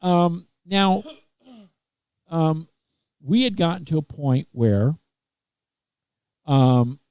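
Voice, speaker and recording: Male podcast host, mellow slightly raised voice, talks in halting, restart-filled anecdotes, dry mic. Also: fairly high pitch, lively intonation, clean tone, dry recording. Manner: rambling storyteller with many fillers and restarts. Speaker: webcast host. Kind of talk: casual chat. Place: Texas.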